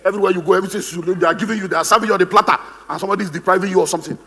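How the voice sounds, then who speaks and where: High-pitched fast Nigerian speaker. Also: male voice, steady tone, sharp tone, in a large hall. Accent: Nigerian English. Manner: humorous, theatrical, acts out quoted voices. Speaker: motivational speaker. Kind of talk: animated seminar talk. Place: conference hall on stage.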